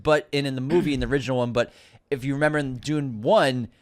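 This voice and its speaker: Man, Boston accent, middle pitch, excited, casual podcast chat, stumbles over names. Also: quick pace. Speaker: podcast co-host. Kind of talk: casual movie news chat.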